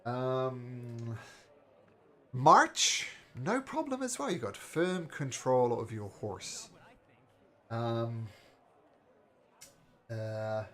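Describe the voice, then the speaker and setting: A man running a tabletop game as game master, chatty and quick to laugh, often restarting his sentences. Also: medium pitch, very animated, fairly bright tone.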